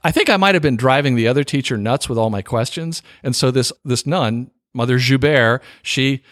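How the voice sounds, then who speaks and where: A man hosting a book podcast in casual interview chat, chatty and quick to laugh at himself. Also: medium pitch, fairly bright tone, no echo, studio quality. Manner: chatty, laughs often, self-deprecating. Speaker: podcast host.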